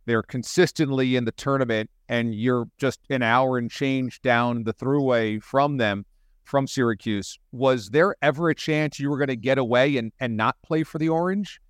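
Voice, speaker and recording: A man's voice: medium pitch, moderate pace, clear, resonant tone, no echo, studio quality. A podcast host interviewing a guest, chummy and enthusiastic as he asks his questions. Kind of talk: casual interview.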